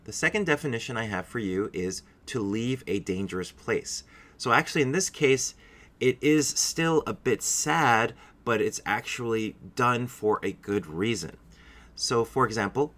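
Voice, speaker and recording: A man teaching English vocabulary in a clear, deliberate, encouraging way. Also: mid-range voice, lively intonation, a bit bright. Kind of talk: scripted vocabulary lesson.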